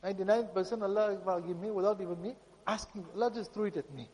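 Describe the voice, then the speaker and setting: A man preaching a pleading, emotional sermon that often drops to a soft voice. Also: sits high, fast talker, in a large hall, low-quality recording. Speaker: Islamic preacher.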